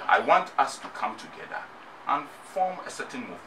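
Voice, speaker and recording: A man's voice: mid-range voice, very animated, fairly quick. A man with a Ghanaian English accent speaking as a guest in a radio interview. He talks emphatically and repeats his points. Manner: emphatic, repetitive rhetorical speech. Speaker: musician and activist guest. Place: radio studio. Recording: distant mic, noisy studio.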